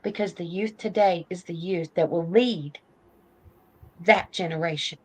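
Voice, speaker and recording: A woman's voice: on the low side, measured pace, darkish tone, husky. A woman in her fifties hosting a podcast, talking politics in a heated, emphatic rant. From United States. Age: 50s. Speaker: podcast host. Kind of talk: political opinion talk.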